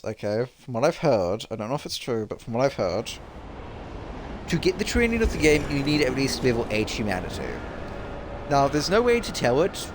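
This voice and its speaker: A young man casually commenting on his gameplay, rambling and restarting his thoughts. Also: medium pitch. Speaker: gamer.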